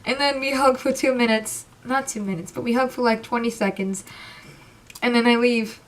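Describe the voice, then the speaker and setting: A woman's voice: fairly high pitch, normal speed. Gushing young woman fan vlogger. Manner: gushing, rambling, says literally a lot. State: emotional, near tears. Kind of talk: excited storytime vlog.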